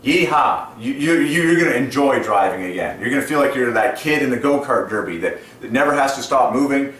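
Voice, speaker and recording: Excitable ranting man, roomy and distant. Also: mid-range voice, a little fast. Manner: enthusiastic, ranting, laughs often. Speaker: channel host. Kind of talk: casual video monologue. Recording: roomy echo, distant from mic, faint noise.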